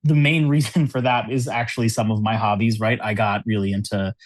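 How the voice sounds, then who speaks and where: Speaking a little fast in a steady, fairly low voice, this man from the United States is a cube designer guesting on a podcast in New York City. The casual conversational interview is full of "like" and "you know" fillers and frequent laughs, with no echo.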